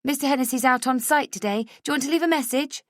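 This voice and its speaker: A woman voicing a brisk, businesslike female receptionist on the phone. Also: sits high, no echo, clean studio sound, pitched above the performer's own voice, lightly acted.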